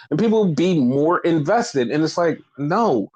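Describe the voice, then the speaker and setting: Young male podcast co-host, high-pitched, profane rant, filler-heavy. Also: expressive, a little slow, few pauses. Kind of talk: casual critical rant.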